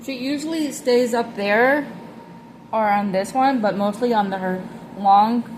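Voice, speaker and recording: A woman with a slightly high voice talks casually into a phone camera at home, rambling about her pet. She drifts into affectionate baby talk now and then. Faint room ambience sits behind her. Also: a little slow, darkish tone, a little hiss or hum, rough recording. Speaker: pet vlogger. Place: home room by a reptile enclosure.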